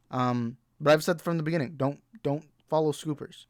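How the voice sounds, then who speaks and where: A man's voice: fairly high pitch, normal speed, darkish tone, no room sound, clean studio sound. A young adult man hosting a movie talk show, ranting bluntly and profanely in exasperation. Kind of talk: heated ranting commentary.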